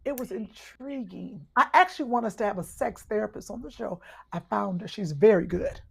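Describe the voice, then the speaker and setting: A woman co-hosting a podcast in casual chat, playful and teasing, who breaks into sudden loud outbursts. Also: mid-range voice, fairly quick, vocal fry, breathy edge. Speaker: podcast co-host.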